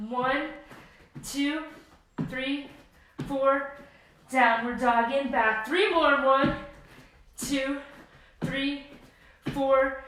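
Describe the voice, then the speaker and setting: A woman's voice: sits high, steady tone, very slow, pauses often, fairly bright tone, a little hiss or hum. Upbeat woman in her forties counting reps. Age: 40s. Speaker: fitness instructor. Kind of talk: home workout class instruction. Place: home room. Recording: echoey room, mic at a distance.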